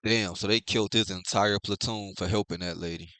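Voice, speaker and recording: A young man casually recapping and reacting to a comic chapter, loose and profane, reading out the dialogue flatly. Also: lowish voice, fairly quick, no room sound. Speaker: manga reviewer.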